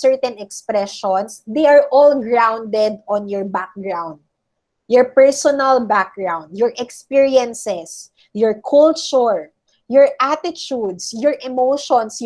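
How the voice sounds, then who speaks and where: A woman's voice: sits high, a little mellow. A woman teacher with a Filipino accent, giving an online class lecture and often checking in with "okay?" and "all right?". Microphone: video call.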